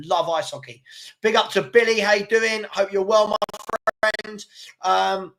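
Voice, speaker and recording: A man's voice: sits high, unhurried, vocal fry, a bit bright. A man hosting a casual livestream, rambling, repeating words and reading out viewer comments. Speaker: fan channel host.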